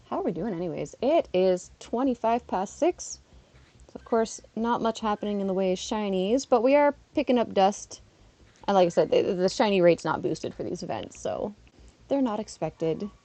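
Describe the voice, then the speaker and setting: A woman's voice: medium pitch, mellow. A woman in her thirties from Canada, chatting casually on a live stream while playing a game and laughing often.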